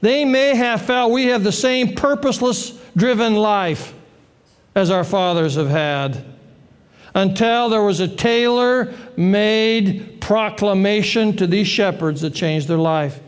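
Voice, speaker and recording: A man preaching a sermon, animated and joking, acting out the voices of the people in the story. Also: extremely high pitch, smooth. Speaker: pastor.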